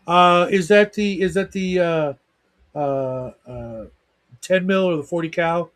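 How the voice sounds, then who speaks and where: A man's voice: sits high, slow, a bit bright. A middle-aged man hosting a livestream talk show in casual chat, rambling with lots of fillers. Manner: rambling, heavy use of fillers.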